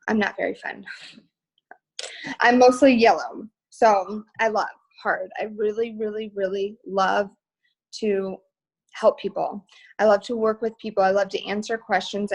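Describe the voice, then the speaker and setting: A woman's voice: medium pitch, vocal fry, poor audio. A woman speaking casually on a live stream as a guest, chatty and upbeat, with many fillers.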